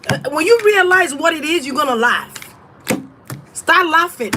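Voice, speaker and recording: A woman's voice: high-pitched, lively intonation, moderate pace, background noise. A woman reading tarot and giving casual spiritual advice in a blunt, emphatic, profane way. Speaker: tarot reader.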